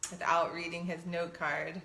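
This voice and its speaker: A woman's voice: on the low side, level tone, a little slow, creaky, bright, forceful tone, echoey room. A middle-aged woman co-hosting a show, chatting casually and teasingly with her husband, laughing often. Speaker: podcast co-host. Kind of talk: casual chat with spouse.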